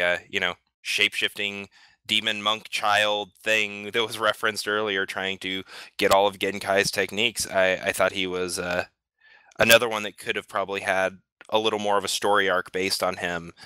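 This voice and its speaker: A man's voice: lowish voice, sharp tone, smooth, dry recording. A man talking casually as a podcast participant, often repeating words as he starts a thought. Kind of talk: casual chat.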